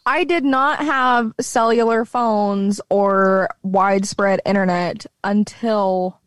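A woman's voice: medium pitch, steady tone, takes it slowly, dry recording, studio quality. A young woman with a slight Southern US accent chatting animatedly and laughing often. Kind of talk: casual chat.

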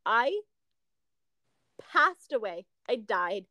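A young woman with a fairly high voice that swings all over as she tells a story. She giggles a lot and sounds tired. The sound is dry and close, with no room around it. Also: big pitch swings, extremely slow, bright, forceful tone, no echo. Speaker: podcast co-host. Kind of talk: casual chat.

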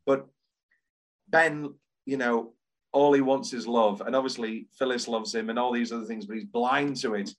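A man's voice: medium pitch, moderate pace. A man co-hosting a podcast, chatting with enthusiasm and restarting his sentences often. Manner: animated, gushing, many restarts. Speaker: podcast co-host. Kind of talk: casual enthusiastic chat.

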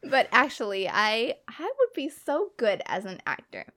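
Young female podcast co-host, slow and lively, giggly, filler-heavy chat. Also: on the high side. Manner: giggly, joking, lots of fillers. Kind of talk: casual chat.

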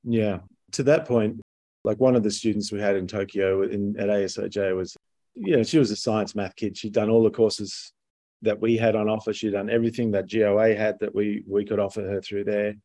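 Low-voiced, mellow man in conversation. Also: steady tone, fairly quick, no echo. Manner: rambling, conversational with frequent "you know". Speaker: podcast guest, educator. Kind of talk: casual conversation.

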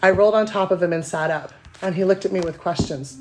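A woman with a breathy voice reading erotic fiction aloud, a bit self-conscious. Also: fairly low pitch, fast, background noise. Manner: self-conscious, giggly between passages. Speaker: guest reader.

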